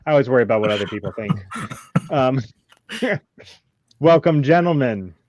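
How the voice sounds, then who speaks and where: A man hosting a casual panel chat, halting with many ums and nervous laughs. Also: medium pitch, lively intonation, darkish tone, no room sound. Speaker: podcast host.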